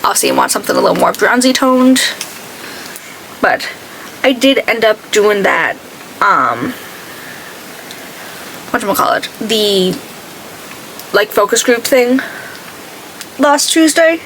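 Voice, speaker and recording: A woman beauty vlogger chats casually while doing her makeup, telling stories and acting out what other people said. Her voice is a little high, expressive and bright, with a slow pace and long pauses. The recording is rough, with a slight hiss or hum.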